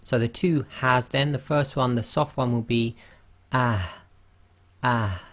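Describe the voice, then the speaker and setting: A man teaching Arabic letter sounds in an online lesson, explaining carefully and demonstrating throat sounds with drawn-out repetitions. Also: mid-range voice, fairly even intonation.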